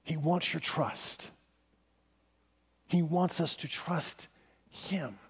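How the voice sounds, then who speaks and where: A pastor delivers his sermon in a slightly high-pitched male voice. He talks straight to his congregation, dropping to a hush and then pressing hard for emphasis. A long reverb carries through the sanctuary around him. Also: drawn-out words, husky. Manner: addresses the congregation directly, swinging between hushed and emphatic.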